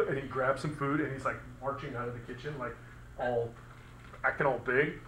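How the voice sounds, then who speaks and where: A man's voice: mid-range voice, normal speed, fairly bright tone, a little hiss or hum. A man teaching a physics class in a casual, chatty way, asking the students questions and making sound effects. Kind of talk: classroom lecture. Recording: echoey classroom recording.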